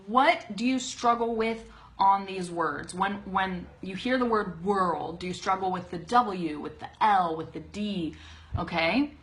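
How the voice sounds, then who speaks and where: A woman leads a live-streamed English pronunciation lesson into a close webcam. Her voice is bright and forceful, and she talks at an unhurried pace. She stays chatty and upbeat, greeting viewers and stretching words out slowly so they can repeat. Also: mid-range voice. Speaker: English teacher.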